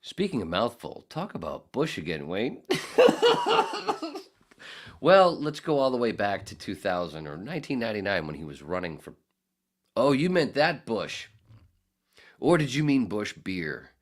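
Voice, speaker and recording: Deep-voiced man, profane rambling podcast host. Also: sing-song, normal speed. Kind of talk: casual podcast chat, reading out live chat comments.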